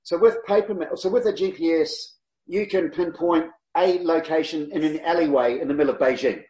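A man tells his travel stories with animation, his voice sitting a little high for a man. The room around him rings with a noticeable echo. He laughs easily and slips into the voices of people he met. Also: brisk, darkish tone. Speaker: guest, long-distance cyclist. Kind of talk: casual storytelling interview. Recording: roomy echo.

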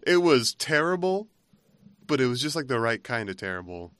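A man's voice: medium pitch, very animated, moderate pace, fairly bright tone, no room sound. A man co-hosting a podcast, chatting casually and rambling as he laughs through his retelling. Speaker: podcast co-host. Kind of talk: casual chat.

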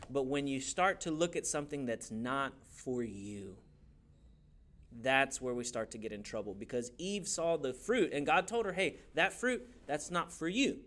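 Speaking at a medium pitch, a youth pastor leads a church youth class in a playful, lively style, frequently laughing and putting on quick voices.

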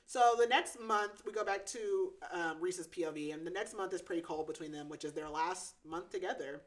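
A woman's voice: lowish voice, normal speed. A young woman co-hosting a podcast, casually recapping a book, chatty, with lots of "like" fillers and frequent laughter. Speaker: podcast co-host.

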